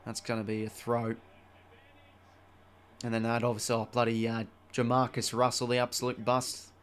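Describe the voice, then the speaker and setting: A man's voice: mid-range voice, completely flat delivery, normal speed, smooth. A young adult man with an Australian accent, hosting a live watch-along stream in a rambling, chatty way, swearing freely as he calls the play and chats between passages.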